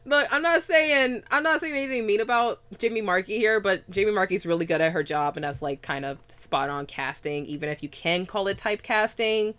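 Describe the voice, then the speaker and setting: A woman chatting casually as a host, excitable, swearing freely and laughing often. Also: medium pitch, fairly quick, hardly any pauses. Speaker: podcast host. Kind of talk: casual chat.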